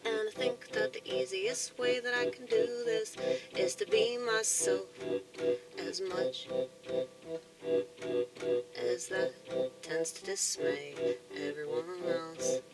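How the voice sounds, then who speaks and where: A woman's voice: lowish voice, steady tone, slow pace, long pauses, loud music behind the voice, low-quality recording. A woman with a Southern US accent, talking in a rambling, casual monologue full of fillers and profanity. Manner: meandering, profane, frequent fillers and short laughs. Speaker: vlogger.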